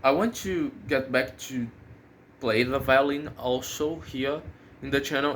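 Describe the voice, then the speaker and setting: A man's voice: medium pitch, a bit bright, slight background noise. A man who is not a native English speaker, hosting his own channel and thinking aloud in a casual vlog, with many fillers and restarts. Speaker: channel host.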